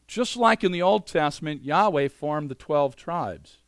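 Male preacher, somewhat high voice, dry close mic; animated sermon delivery with chatty asides. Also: measured pace, no room sound. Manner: animated, swings between loud emphasis and quiet asides; conversational, many "you know" fillers.

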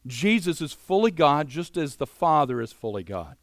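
Animated male preacher, dry close sound. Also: fairly high pitch, moderate pace, dry recording. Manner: animated, swings between loud emphasis and quiet asides; conversational, many "you know" fillers. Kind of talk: sermon.

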